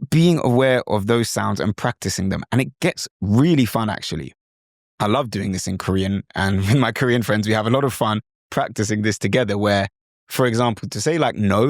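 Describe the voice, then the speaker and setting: Here a man from Britain, voice on the low side and a little fast, teaches as a language coach on his podcast. Captured dry at studio quality, he explains eagerly and frequently mimics other accents.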